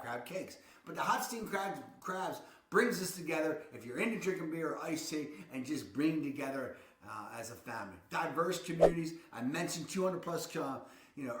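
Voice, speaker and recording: A man's voice: fairly high pitch, echoey room. A man with a Baltimore accent talking enthusiastically and emphatically as a real estate vlogger, often repeating words for stress. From Baltimore area, Maryland. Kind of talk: casual vlog guide to relocating.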